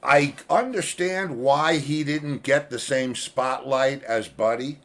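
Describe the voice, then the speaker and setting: An older man in his seventies hosts a loose, rambling conversation about music. He talks at an ordinary middle pitch, swears freely and often restarts his sentences. His talk is casual and unscripted. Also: slow, a bit bright. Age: 70s. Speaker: host. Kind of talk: casual chat.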